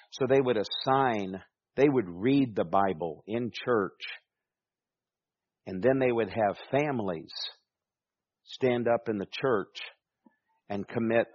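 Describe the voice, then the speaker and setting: A man's voice: mid-range voice, dry recording, highs cut off. A man preaching a sermon as pastor, emphatic, with rhetorical questions and calls for amen.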